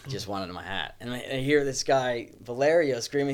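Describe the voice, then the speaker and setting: A man's voice: mid-range voice, animated, fairly quick. A man casually telling a rowdy story among friends, swearing freely and laughing as he goes. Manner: laid-back, profane, laughs through the telling.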